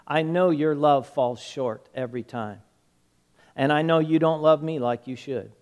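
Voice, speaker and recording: A male preacher voicing a gentle teacher who questions a friend quietly. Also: big pitch swings, very slow, in a large hall, full character voice. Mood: tender. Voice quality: soft, low and hushed. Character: gentle searching male teacher, grown man.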